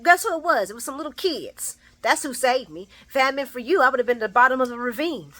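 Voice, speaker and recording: A woman's voice: high voice, lively intonation, quick pace, pitched above the performer's own voice, exaggerated voice. A woman putting on a furious woman who is cursing out a lying man. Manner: profane, furious, shouting insults. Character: angry woman cursing out her liar ex.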